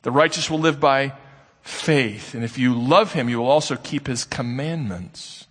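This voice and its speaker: A male preacher at a mid-range pitch delivers a sermon in an earnest storytelling manner. He moves between quick narration and slow, weighty emphasis. His voice carries the long reverb of a large hall. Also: slightly rough.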